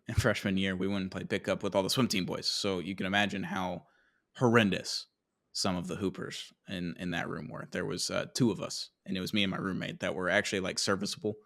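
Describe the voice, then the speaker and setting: Lage stem, jonge Texaanse podcasthost. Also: male voice, deep voice, vocal fry, fairly bright tone. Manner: upbeat, quick sponsor reads with filler words. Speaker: podcast host. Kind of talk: casual sports podcast chat.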